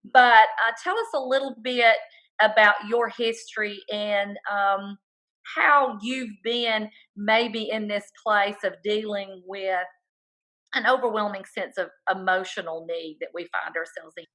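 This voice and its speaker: A woman's voice: medium pitch, fairly even intonation, a little slow, pushed and bright, low-quality recording. A woman hosting a video call interview, earnest and effusive, stretching out her key words. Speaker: host.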